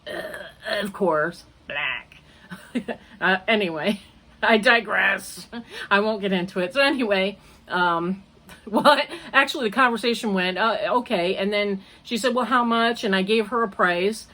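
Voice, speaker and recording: A woman's voice: medium pitch, unhurried, bright, forceful tone. An older woman chatting about her crochet projects and telling a long story. She rambles and jumps between points, often laughing at herself as she talks. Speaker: crochet podcaster. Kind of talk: casual chat.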